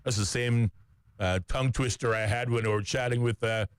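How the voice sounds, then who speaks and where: A man's voice: mid-range voice, steady tone, fairly quick, clear, resonant tone, dry recording. A man co-hosting a radio talk show. He reads sports news in a conversational way, with frequent "uh" fillers and self-corrections.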